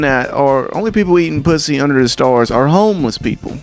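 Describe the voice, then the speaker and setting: A man performing stand-up comedy, rambling through stories in an incredulous, animated way. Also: a little high, brisk, few pauses, faint music behind.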